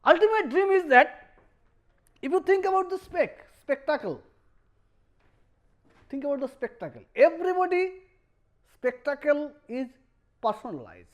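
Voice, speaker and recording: A man's voice: very high voice, animated, measured pace, pauses often, dull audio. A middle-aged male professor from a Bengali-speaking background, speaking English with a Bengali accent in a university lecture, often restarting and repeating phrases.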